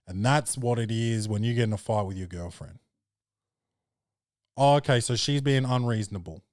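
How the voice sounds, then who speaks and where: A man's voice: mid-range voice, moderate pace, long pauses, a little mellow, no room sound. Slangy young man, dry sound. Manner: loose, slangy, jokey storytelling. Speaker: podcast host and comedian. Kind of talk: casual podcast chat.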